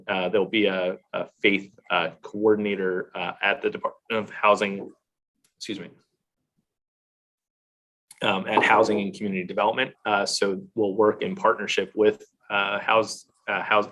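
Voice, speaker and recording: A man testifying as a government official at a hearing over a video call, answering questions in a halting way with frequent fillers. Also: on the low side, level tone, a bit bright.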